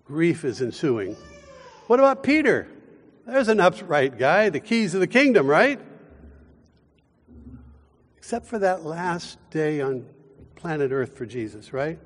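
A man preaching a sermon as pastor, with deliberate, emphatic delivery and dramatic pauses. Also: on the high side, very animated, in a large hall.

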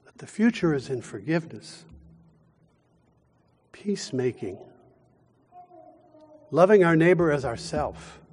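A man delivering a sermon, his voice pitched a little above the usual for men. He preaches slowly and deliberately, leaning on emphasis and long dramatic pauses. His words ring out with a long reverb, as if recorded in a large hall. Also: very animated, darkish tone, breathy edge. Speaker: pastor.

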